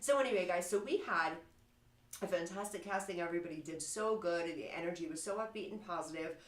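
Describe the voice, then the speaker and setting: A woman's voice: fairly low pitch, fast talker, echoey room. Chatty talk-show host woman, slight New York accent. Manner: bubbly, chatty, laughs often. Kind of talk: casual studio talk show chat.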